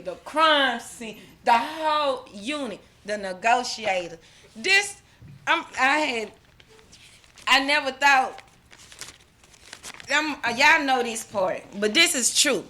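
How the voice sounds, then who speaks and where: A woman's voice: sits high, pushed and bright. A middle-aged woman, giving a fervent personal testimony as a mother at an awards ceremony, repeating herself and restarting often. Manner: fervent, repetitive, restarts often, religious phrasing. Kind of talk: emotional personal testimony speech.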